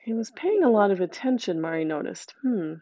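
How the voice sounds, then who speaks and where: A woman telling a folktale aloud in a lively, conversational way with asides to listeners. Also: medium pitch, brisk, dry recording, dull audio. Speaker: storyteller.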